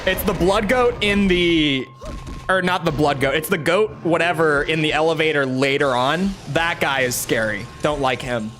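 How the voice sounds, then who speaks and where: A man's voice: fairly high pitch, moderate pace, fairly bright tone, faint music behind. A young man streaming a game, telling a rambling, self-mocking story in casual chat with lots of restarts. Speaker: gaming streamer.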